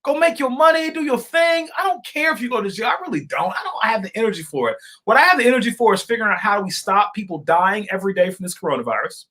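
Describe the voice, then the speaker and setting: A man holds forth on a live stream, calling his viewers y'all and folks. He talks fervently and circles back to the same points, jumping from loud outbursts to quiet asides, then slips into reading comments aloud. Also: sits high, sing-song, fast, few pauses. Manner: fervent, repetitive, swings between shouting and quiet asides.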